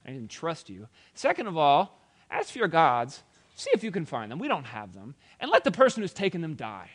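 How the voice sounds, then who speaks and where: A man's voice: on the high side, wildly swooping pitch, a little fast, husky, pitched above the performer's own voice, exaggerated voice. A man voicing a defensive younger man who explains himself emphatically in a raised voice.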